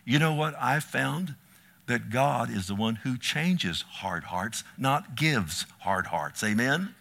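A man's voice: medium pitch, animated, takes it slowly, gravelly, fairly bright tone. A man preaching a sermon in a church, reading scripture, calling for amens and breaking into joking asides. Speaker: pastor.

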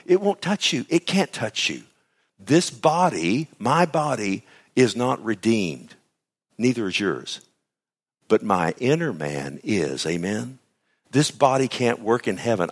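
A man preaching a sermon, swinging between loud, high bursts and low, hushed asides.

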